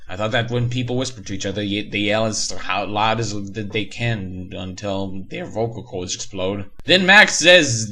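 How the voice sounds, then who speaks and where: Bright-voiced sarcastic male reader. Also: medium pitch, normal speed, few pauses. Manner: sarcastic, mocking asides. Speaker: story reader and reviewer. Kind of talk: comedic creepypasta reading.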